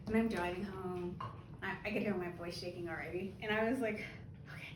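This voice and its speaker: A woman's voice: medium pitch, fairly even intonation, brisk. A woman who owns a beauty spa, telling a story in an informal talk to a small gathering at her open house, chatty and laughing now and then. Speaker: spa owner and esthetician. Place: room at an open house party. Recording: echoey room from far off, background chatter.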